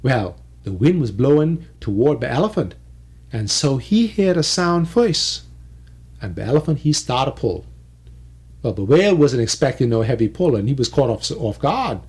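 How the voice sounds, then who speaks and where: Male oral storyteller; dialect, rhythmic repetition, very animated. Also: mid-range voice, normal speed, husky. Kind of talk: oral folk-tale telling.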